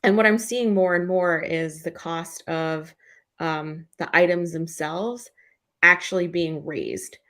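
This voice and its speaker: Woman cohost, lower voice, chatty, lots of likes. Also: fairly even intonation, slow pace, fairly bright tone. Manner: chatty, many "like" fillers. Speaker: podcast co-host. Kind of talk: casual panel discussion.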